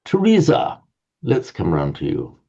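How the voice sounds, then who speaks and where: Mellow-voiced man teaching pronunciation. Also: low voice, huge pitch swings, a little slow, creaky. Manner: patient, corrective, repeats words while searching. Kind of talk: teaching pronunciation in a group class. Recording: dull lo-fi audio.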